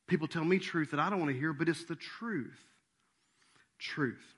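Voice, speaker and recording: A man preaching a sermon as pastor, animated, dropping to soft asides and jumping to loud acted-out quotes. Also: fairly high pitch, normal speed, breathy edge.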